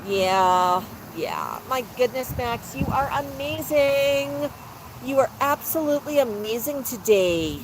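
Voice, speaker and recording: A woman's voice: sits high, a little slow. A woman hosting a live stream from her outdoor patio, gushing in sing-song praise to her pet bird and chatting casually into a phone camera. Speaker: livestream host with her parrot. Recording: outdoor street traffic noise.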